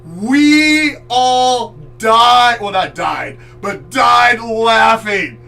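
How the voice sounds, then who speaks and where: A man from the Chesapeake Bay area tells a story in an animated, loud, foul-mouthed way. His voice sits high and sounds bright, picked up from a distant mic, with faint music underneath. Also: very slow, creaky. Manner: animated, loud, swears freely, acts out voices. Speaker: streamer host. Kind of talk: casual storytelling.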